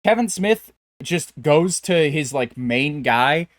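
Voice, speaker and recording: A rambling man co-hosting a casual podcast, his talk full of fillers, false starts and restarts. His voice sits somewhat high, and the recording is dry and close. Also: expressive, takes it slowly, dry recording. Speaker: podcast co-host. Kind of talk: casual chat.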